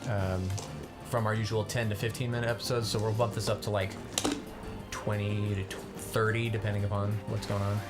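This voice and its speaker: A man's voice: on the low side, fairly quick, over loud music. A man casually commenting on a game he plays, explaining its systems with plenty of ums. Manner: relaxed, explanatory, many ums and uhs. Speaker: co-host and player of a gaming channel. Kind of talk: casual let's-play commentary.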